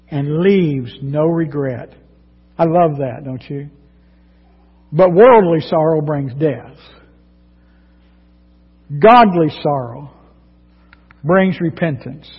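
A man preaching a dramatic sermon, reading scripture and swinging between loud emphasis and hushed moments. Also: sits high, husky. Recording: dull sound with long hall reverb.

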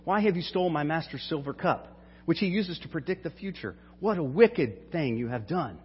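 A man's voice: fairly high pitch, animated, moderate pace, slight background noise, close to an everyday voice. A man reading aloud as a stern, powerful ruler giving orders, in a firm, commanding manner. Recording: dull hall reverb.

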